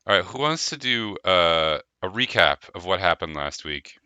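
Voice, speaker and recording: Animated low-voiced man running a game. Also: clear, resonant tone, no room sound. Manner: animated, quick to laugh, rambling restarts. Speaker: game master. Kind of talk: casual chat hosting a live tabletop game stream.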